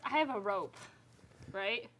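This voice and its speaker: A woman's voice: medium pitch, animated, takes it slowly, fairly bright tone. A woman player in a tabletop role-playing game, chatting casually and thinking aloud about her moves. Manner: chatty, thinks aloud while checking rules.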